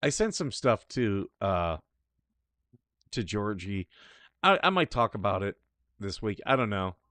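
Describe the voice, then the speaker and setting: A man's voice: fairly low pitch, very animated, a little slow, a bit bright, dry recording. A man hosting a live talk show, reacting to clips with scoffing, sarcastic remarks. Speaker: show host. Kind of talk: casual live commentary.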